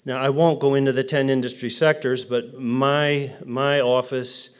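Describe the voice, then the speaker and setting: Animated middle-aged man giving a conference talk. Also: mid-range voice, a little slow, clean tone. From New Jersey. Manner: animated storyteller, mimics voices in quotes. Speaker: conference speaker. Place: conference hall.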